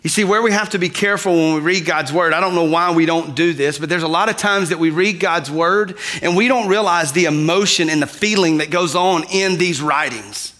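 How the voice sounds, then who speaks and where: A man preaching to his congregation in a high, bright voice. He keeps it conversational and speaks to the people straight on. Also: a little fast, few pauses. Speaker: pastor. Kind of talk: sermon.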